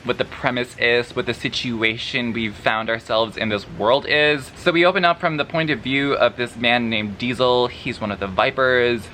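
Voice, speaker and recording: A man's voice: medium pitch, pushed and bright, a little hiss or hum. A man vlogging a book review, sarcastic and dramatic, swearing freely and laughing between remarks. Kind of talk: casual vlog review.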